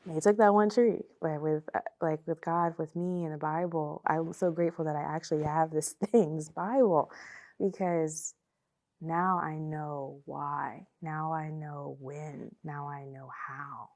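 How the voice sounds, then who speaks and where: A young woman telling her personal faith testimony, emotional and halting, often repeating herself and trailing off. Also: low-pitched, fairly even intonation, darkish tone. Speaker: testimony speaker.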